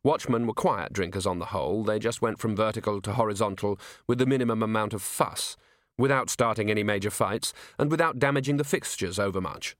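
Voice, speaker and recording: A man reading a comic novel as an audiobook in wry, expressive storytelling narration. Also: on the low side, a little fast, no room sound, clean studio sound.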